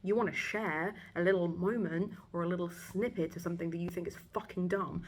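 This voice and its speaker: A woman's voice: fairly low pitch, slight background noise. Give me a young British woman chatting casually on a vlog, sarcastic and full of swearing. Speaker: book vlogger. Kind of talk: casual chat. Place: hotel abroad.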